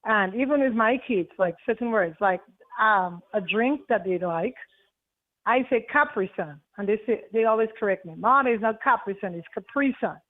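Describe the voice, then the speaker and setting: A woman's voice: medium pitch, normal speed. A woman from Dominica with a Dominican accent, calling in politely with a question. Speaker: caller. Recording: tinny phone line from overseas.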